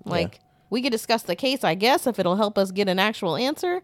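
A woman's voice: mid-range voice, animated, brisk, dry recording. A woman co-hosting a casual talk show who chimes in with blunt, profane, joking asides. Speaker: podcast co-host. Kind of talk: casual chat.

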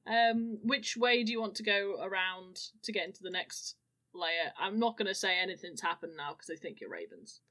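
A woman's voice: medium pitch, lively intonation, normal speed, sharp tone. A woman running a tabletop game as game master, easygoing and loose.

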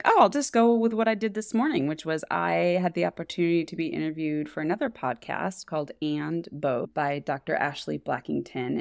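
A woman's voice: sits low, vocal fry, no echo, clean studio sound. A woman entrepreneur co-hosting a podcast, chatting casually in an earnest, gushing way. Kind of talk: casual chat.

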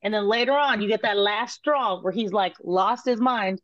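A woman, a guest telling casual stories in an interview, animated and laughing, swearing and acting out quotes. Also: medium pitch, normal speed, no echo, muffled recording. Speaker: guest, former cooking show contestant.

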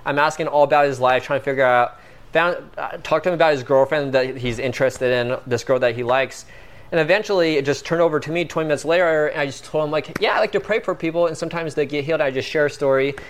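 A man as a guest, telling a story in a casual, animated way full of "like" and fillers. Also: a little high, quick pace, a little hiss or hum. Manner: animated, filler-heavy, peppered with "like".

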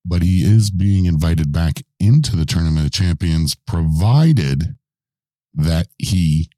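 A man hosts the show with casual, teasing banter and keeps prodding his co-host with questions. His voice sits extremely low with a dark, mellow tone. The sound is dry and close, with faint music behind. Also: no echo.

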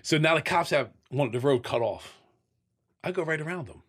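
Husky-voiced man telling blunt, profane stories. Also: fairly high pitch, normal speed. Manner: profane, blunt, animated storyteller acting out scenes. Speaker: interview guest. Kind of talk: candid storytelling in a sit-down interview.

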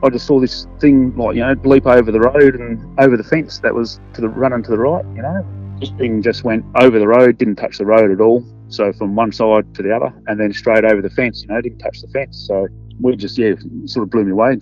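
A man's voice: on the low side, a little mellow. A man recounting what he saw in an interview, hesitant, with many fillers. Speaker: interviewee, eyewitness. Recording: dull lo-fi sound, faint music.

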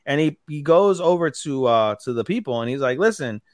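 A man co-hosting an anime podcast, casually recapping episodes in a profane, animated way and acting out the characters' lines. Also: a little high, fairly quick, dry recording, studio quality. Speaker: podcast co-host.

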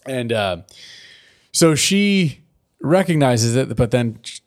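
A man's voice: mid-range voice, lively intonation, slow pace. A man in a casual chat, recapping a cartoon episode in a loose, profane way with lots of fillers.

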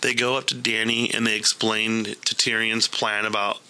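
A man with a lowish voice that sounds strikingly bright and forceful, chatting casually as a host. He recaps a TV episode with animated storytelling and slips into the characters' lines. The delivery stays loose and conversational. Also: normal speed, clear, resonant tone, poor audio. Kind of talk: casual chat.

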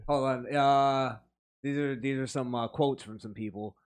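A man's voice: mid-range voice, fairly even intonation, a little slow, smooth. A man co-hosting a casual podcast, blunt and profane, reading news quotes aloud and riffing on them. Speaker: podcast co-host.

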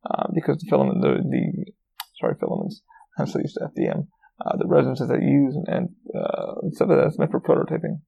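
Gravelly rambling man, casual podcast. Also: mid-range voice, huge pitch swings, fast, mellow, highs cut off. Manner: rambling, swears a lot, many fillers and restarts. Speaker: podcast host. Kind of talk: casual solo podcast rant.

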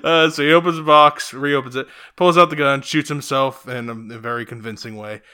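A young man tells a movie plot to his co-hosts in a loose, animated way, often breaking into laughter. His voice is bright and forward, at an ordinary middle pitch. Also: a little fast, smooth. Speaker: podcast co-host. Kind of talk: casual movie recap chat.

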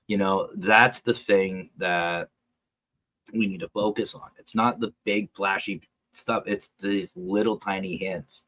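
A man's voice: low-pitched, fairly even intonation, takes it slowly, fairly bright tone, poor audio. A man co-hosting a podcast, chatting casually and reflectively, asking rhetorical questions. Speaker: podcast co-host.

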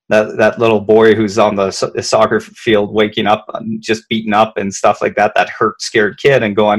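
A man's voice: lowish voice, fairly even intonation, brisk, hardly any pauses. A man, a leadership consultant, explaining emotions conversationally, often repeating words and checking in with "right?".

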